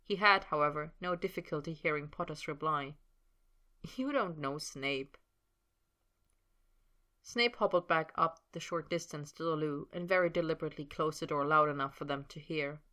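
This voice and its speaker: A woman narrating a work of fiction as an audiobook, in a steady storytelling manner. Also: deep voice, brisk, few pauses.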